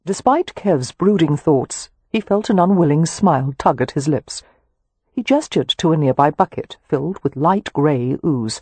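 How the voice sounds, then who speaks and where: A man narrating an audiobook in a steady, even storytelling voice, close to the mic. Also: on the high side, normal speed, breathy edge, dry recording. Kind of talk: scripted narration.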